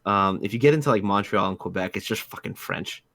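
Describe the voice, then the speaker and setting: Foul-mouthed Midwestern man, low. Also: brisk, vocal fry, a bit bright, no room sound. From United States. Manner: profane, joking. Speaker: co-host. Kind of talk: casual livestream chat.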